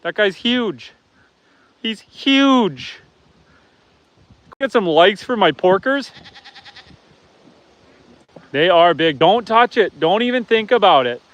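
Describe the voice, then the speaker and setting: A man's voice: high voice, animated, slow pace, long pauses, a bit bright, no echo, muffled recording. A man hosting a live stream from his farm, chatting with viewers and talking to his pigs, goats and chickens. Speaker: homestead livestream host. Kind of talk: casual live-stream chat. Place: outdoors on a farm among animals.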